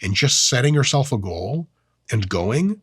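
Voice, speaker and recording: Speaking a little slowly in a husky, medium-pitched voice, this fitness channel host gives a laid-back lecture on training and diet, full of jokes and swearing and delivered with plenty of energy. The studio-quality audio has no echo.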